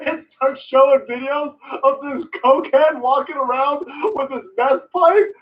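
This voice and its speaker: High-pitched male streamer, sarcastic and profane political ranter, recorded on a dull, distant mic. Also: normal speed, few pauses. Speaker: live streamer. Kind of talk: ranting political commentary stream.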